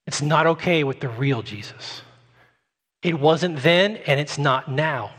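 A male pastor preaching a sermon emphatically, rising loud and dropping quiet. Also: a little high, unhurried, husky. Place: church sanctuary. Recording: long hall reverb.

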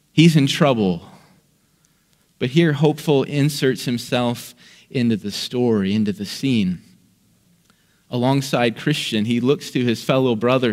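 A man pastor preaching a sermon, telling a story dramatically, dropping to a hush and then raising his voice. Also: medium pitch, in a large hall. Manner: dramatic storytelling that swings between hushed and raised lines.

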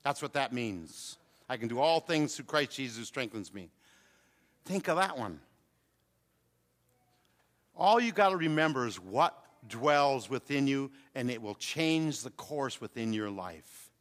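A man's voice: mid-range voice, expressive, unhurried, fairly bright tone. An older man preaching a sermon to a congregation, calling out to them with rising fervor. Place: church hall with congregation. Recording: long hall reverb.

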